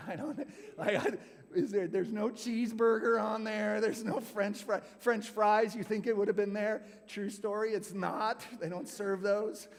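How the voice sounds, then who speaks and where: A man from California giving a youth group talk, telling a personal story in a chatty way with lots of "like". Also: high voice. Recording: hall reverb.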